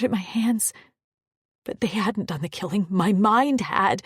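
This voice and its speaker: A woman narrating a first-person romance audiobook in an emotional, breathy, intimate way. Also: medium pitch, unhurried, no room sound, clean studio sound.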